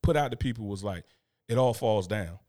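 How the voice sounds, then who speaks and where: A man's voice: on the low side, expressive, a little fast, warm tone, dry recording, studio quality. A man co-hosting a podcast, chatting casually with a laid-back, slangy storytelling manner. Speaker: podcast co-host. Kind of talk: casual chat.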